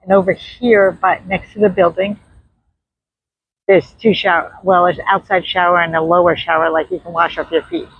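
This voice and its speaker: A woman's voice: lowish voice, little pitch movement, moderate pace, husky, highs cut off. A woman with a New York accent, chatting casually to her viewers as she films a walk along a windy beach on a handheld phone. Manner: chatty, addresses viewers as friends. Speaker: vlogger. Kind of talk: casual walking vlog narration. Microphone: handheld phone camera. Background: faint surf and wind.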